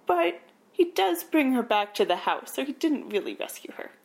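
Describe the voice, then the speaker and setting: A woman podcast co-host retelling a film plot in a casual, animated way, with wry asides. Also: high-pitched, normal speed. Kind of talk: casual movie recap.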